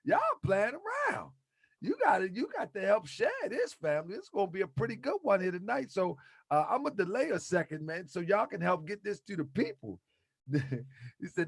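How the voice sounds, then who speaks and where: A man hosting a livestream, talking in a lively, chatty way and urging viewers to share it. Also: high voice, moderate pace, creaky, slightly rough, no echo. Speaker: livestream host. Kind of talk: casual livestream talk.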